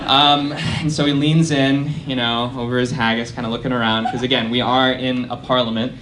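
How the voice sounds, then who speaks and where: Deadpan young man doing stand-up. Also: medium pitch, fairly quick, few pauses, noisy background. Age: young adult. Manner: deadpan, self-deprecating, lots of fillers. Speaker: stand-up comedian. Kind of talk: stand-up comedy set. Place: college performance space.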